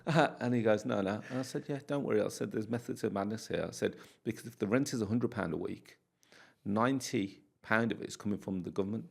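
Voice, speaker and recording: In a casual podcast interview, a British landlord recounts stories with animation, voicing each line of dialogue himself. He talks fast, his fairly low voice carrying vocal fry and a breathy edge.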